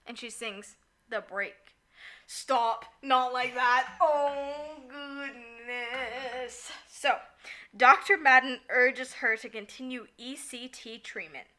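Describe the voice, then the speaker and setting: A woman co-hosting a podcast in casual chat, recapping a musical with lots of giggling and quick acted-out lines. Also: high voice. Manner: giggly, animated, acts out characters in quick asides. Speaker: podcast co-host.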